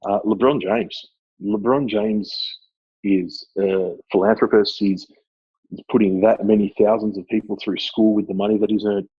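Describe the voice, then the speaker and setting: A man with an Australian accent, a former club footballer, chatting casually as a guest and telling lively stories. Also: lowish voice, moderate pace, breathy edge, dry recording, highs cut off. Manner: animated storyteller, laughs often. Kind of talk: casual chat.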